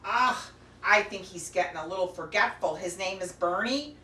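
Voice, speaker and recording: A woman's voice: medium pitch, moderate pace, sharp tone, slight background noise, lightly acted. An actress playing an elderly widowed mother who sighs and groans through her complaints in a comedy sketch. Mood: exasperated. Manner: sighing, groaning, exasperated storyteller. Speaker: comic character. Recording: echoey room, mic far off.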